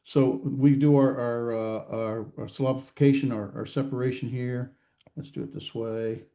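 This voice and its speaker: A man lectures a grammar class in a warm, mellow voice. He stops often with "uh" and restarts his phrases. He keeps throwing questions at his students. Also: mid-range voice, steady tone. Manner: halting, many fillers and restarts, quizzing students. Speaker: Hebrew grammar instructor. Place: classroom or online class session.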